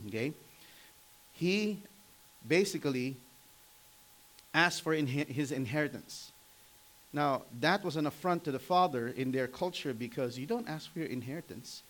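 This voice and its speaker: Man in his 40s, pastor, chatty storytelling sermon, throat-clearing, addresses the congregation. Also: medium pitch, fairly bright tone, low-quality recording. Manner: conversational storytelling, asks the audience questions, often clears throat.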